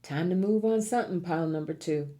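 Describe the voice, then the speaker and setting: A woman with a low voice reads tarot cards for viewers. She is encouraging and emphatic, and she leans on repeated key words to drive each point home. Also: fast talker, mellow. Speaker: tarot reader. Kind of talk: pick-a-card tarot reading.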